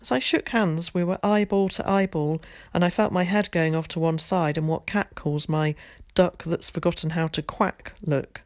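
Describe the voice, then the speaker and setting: Teacher, woman, reading a story aloud, lowish and measured, dry close mic. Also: steady tone, no echo. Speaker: primary school teacher. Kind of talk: reading a children's novel aloud.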